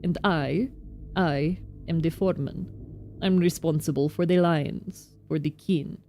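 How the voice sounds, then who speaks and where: A woman's voice: low-pitched, a little slow, a little mellow, faint music behind. A woman voicing a stern, towering male foreman in a put-on Russian-style accent, grave and clipped.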